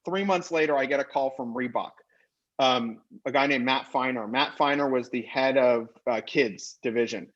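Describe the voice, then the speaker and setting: A man, a podcast guest and company co-founder, telling anecdotes casually and acting out the dialogue with quick asides. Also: mid-range voice, fairly bright tone, highs cut off.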